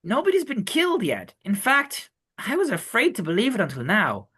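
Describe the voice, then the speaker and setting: A man voicing a hopeful young woman villager in an earnest, quiet reading. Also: high voice, wildly swooping pitch, normal speed, slightly rough, voice pushed up, full character voice.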